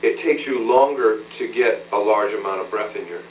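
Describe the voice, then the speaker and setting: A male vocal coach talks a student through a hands-on breathing lesson, patient and instructive. His voice sits low. The old recording is roomy and faintly humming, with the mic set some way off. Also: moderate pace. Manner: patient, instructive, checks in with frequent "okay?". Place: room with a mirror. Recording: roomy, distant, faint hum, old tape.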